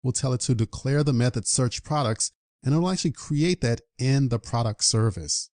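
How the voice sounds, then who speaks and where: A man's voice: medium pitch, moderate pace, a little mellow, dry recording, studio quality. A man teaching programming in a screen-recorded coding tutorial, upbeat and walking through each step aloud. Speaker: programming instructor.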